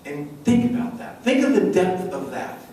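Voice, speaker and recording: Energetic man telling stories in an echoey hall. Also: normal speed, a little hiss or hum. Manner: energetic storyteller, bursts into high acted voices. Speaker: event speaker. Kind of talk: motivational stage talk with a joke story. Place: large conference hall. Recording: echoey hall, distant mic.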